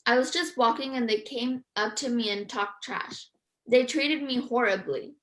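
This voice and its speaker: A woman's voice: fairly high pitch, normal speed, a bit bright, reverberant, close to an everyday voice, low-quality recording. A woman reading aloud as a bullied schoolgirl who is shaken and grateful. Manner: grateful, upset. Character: tearful bullied cheerleader girl.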